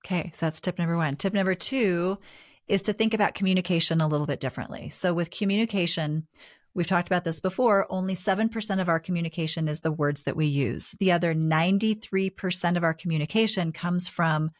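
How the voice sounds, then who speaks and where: Dry-sounding woman explaining calmly. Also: lowish voice, fairly quick, no echo. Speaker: co-host. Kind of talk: relationship advice podcast talk.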